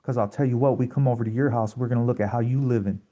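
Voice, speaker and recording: At home at night, a man rants to a live audience on a livestream, confrontational and preachy, firing off rhetorical questions and swearing freely. His medium-pitched voice is steady and dark, and he talks rapid-fire.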